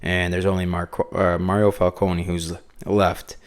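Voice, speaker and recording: A man's voice: deep voice, level tone, normal speed, clear, resonant tone. A man hosting a casual comic book review podcast, rambling with many fillers and restarts. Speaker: podcast host.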